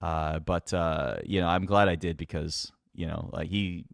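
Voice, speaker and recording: A man's voice: low-pitched, fairly even intonation, measured pace, vocal fry, dry recording, studio quality. A man, a wrestling announcer, tells stories in casual chat with lots of animation, laughter and fillers. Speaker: wrestling announcer, podcast guest.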